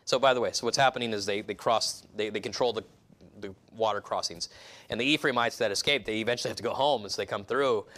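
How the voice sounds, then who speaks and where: Guy pastor preaching loose and chatty, bright forward voice, keeps restarting sentences and doing little voices. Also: on the low side, fast. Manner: rambling, conversational, many restarts and asides; acts out quoted voices. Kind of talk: casual expository sermon.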